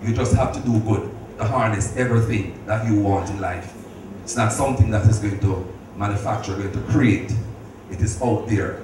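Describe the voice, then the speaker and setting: A man's voice: fairly low pitch, normal speed. Middle-aged man speaking in an echoey hall. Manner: storytelling, laughing, preacherly. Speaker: speaker at a birthday celebration. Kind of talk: heartfelt personal speech. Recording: echoey hall from far off, noisy.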